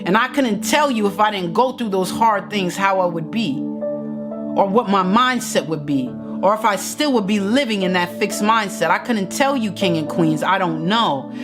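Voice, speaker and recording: A woman's voice: mid-range voice, lively intonation, moderate pace. A woman in her thirties giving an earnest motivational talk to her viewers, repeating phrases like affirmations. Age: 30s. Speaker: motivational vlogger. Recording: music playing behind the voice.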